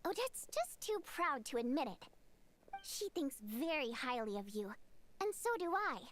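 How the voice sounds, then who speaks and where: A bubbly young woman in a video game who chatters and teases. Her voice is very high and lively, and a faint hiss sits underneath. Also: a little slow, heavily acted. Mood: chatty. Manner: chatty, teasing, excitable.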